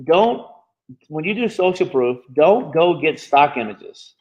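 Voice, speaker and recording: A man teaching a live online marketing class, talking quickly and checking in with his students every few phrases. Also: fairly high pitch, big pitch swings, darkish tone, muffled recording. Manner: fast-talking, constantly checking in with "okay?". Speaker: marketing bootcamp instructor.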